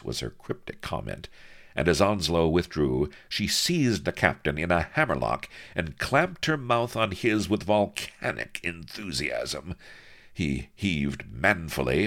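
A man reads a story aloud in a wry, lively way. His voice is extremely deep and gravelly, and his pitch swings widely through each sentence. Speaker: narrator. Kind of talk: dramatic audiobook reading.

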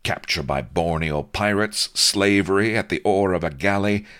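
A man reading a comic adventure story aloud as narrator, with wry, lively storytelling. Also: sits low, moderate pace, smooth. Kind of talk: audiobook narration.

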